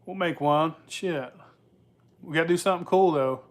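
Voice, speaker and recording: At a moderate pace and with a slightly high voice, a young man runs his casual moonshine-making workshop vlog. He talks loosely and rambles, swearing heavily and laughing often.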